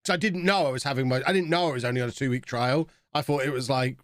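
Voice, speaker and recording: A man's voice: mid-range voice, fast talker, hardly any pauses, no room sound, clean studio sound. A man in his thirties, chatting casually with viewers while reacting to a live game stream.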